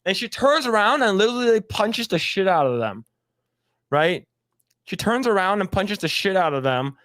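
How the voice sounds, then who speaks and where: A man's high, fairly bright voice carries lively intonation at normal speed in a dry recording. He's co-hosting a podcast, recapping a show through casual, profane talk and voicing the scenes in little impressions.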